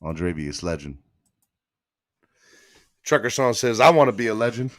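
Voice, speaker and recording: A man hosting a live sports podcast stream, chatting casually, shouting out donors and hyping up his chat, with a Southern US accent from Miami. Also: on the low side, sing-song, normal speed. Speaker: podcast host.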